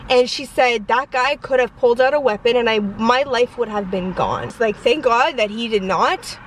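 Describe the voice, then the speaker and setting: A woman's voice: on the high side, moderate pace, far from the mic, slight background noise. A young woman vlogger telling a story in a rambling, casual way, filling it with "like" and "you guys.".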